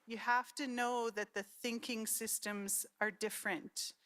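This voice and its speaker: A woman's voice: a little high, unhurried. Storytelling woman at a conference. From Saskatchewan, Canada. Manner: storytelling, animated quoting of relatives. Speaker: conference speaker. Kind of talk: conference talk with personal stories.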